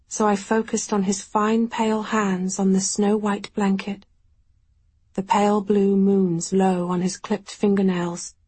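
A woman narrating an audiobook in the first person, quiet, measured and reflective. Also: medium pitch, husky.

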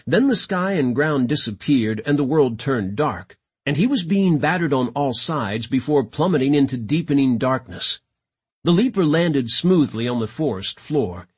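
A man narrating a science fiction audiobook in a dramatic, expressive reading style. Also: medium pitch, slightly rough.

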